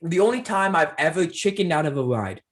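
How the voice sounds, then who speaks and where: A young man from Canada, a podcast co-host, telling stories in a casual, animated way with lots of "like" fillers. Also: fairly high pitch, a little fast. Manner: animated storyteller, acts out quoted voices, many fillers. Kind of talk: casual storytelling chat.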